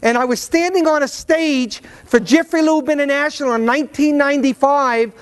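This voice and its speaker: Man, high voice, motivational speaker, stage talk, stammering storyteller. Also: moderate pace. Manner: animated storyteller with repeated stammers. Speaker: keynote speaker. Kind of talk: motivational talk to a live audience. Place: event stage.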